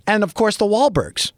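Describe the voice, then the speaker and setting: A man with a Boston accent hosting a podcast, talking alone in a rambling, animated way with joking asides. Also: medium pitch. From Boston area, USA. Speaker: podcast host. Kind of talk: casual solo monologue.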